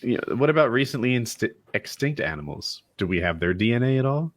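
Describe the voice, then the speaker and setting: A man's voice: medium pitch, animated, fast talker, no echo. A man on a podcast chatting casually and asking curious questions. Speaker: podcast co-host.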